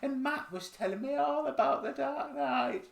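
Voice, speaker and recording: A man voicing a chatty older woman who is driving, telling her story in a high, gossipy falsetto. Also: moderate pace, creaky, reverberant, heavily acted.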